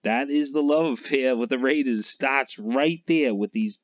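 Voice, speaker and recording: Unhurried and mid-range in pitch, a Massachusetts man vlogs casually about football as a sports fan, rambling, laughing frequently and letting sentences trail off. The recording has no echo and a dull lo-fi quality.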